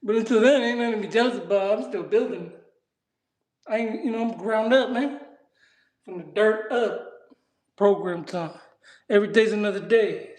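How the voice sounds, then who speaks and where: A man's voice: high-pitched, moderate pace, long pauses, darkish tone. A man chatting casually in street slang while he works out on a live stream and answers his chat. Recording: echoey room.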